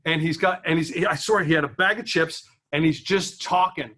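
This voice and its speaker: A chatty stand-up comic with a high, bright voice rambles through his set at an office gathering. He keeps cracking himself up between lines. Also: normal speed. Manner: rambling, chatty, laughs at his own jokes. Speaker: stand-up comedian. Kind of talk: stand-up comedy. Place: office event room.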